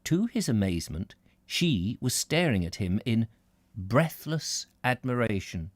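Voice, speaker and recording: Lively-voiced man reading a novel aloud. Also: lowish voice, measured pace, no room sound. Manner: expressive, occasional slips and restarts. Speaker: book reader, host. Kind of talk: live audiobook narration.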